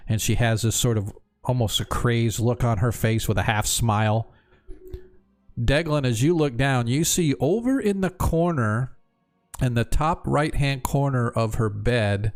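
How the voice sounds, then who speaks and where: A man narrating as game master of a tabletop game, rambling and casual with many fillers. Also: medium pitch.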